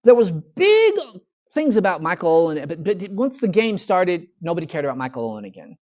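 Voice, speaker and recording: A man's voice: high-pitched, wildly swooping pitch, brisk, a little mellow. A man, a pastor teaching a church Bible study in a folksy, conversational storytelling manner. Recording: dull lo-fi church recording.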